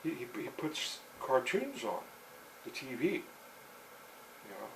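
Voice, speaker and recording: An older man telling a long story out loud, halting, with many fillers and restarts. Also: mid-range voice, wildly swooping pitch, slight background noise, rough recording. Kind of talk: rambling spoken storytelling.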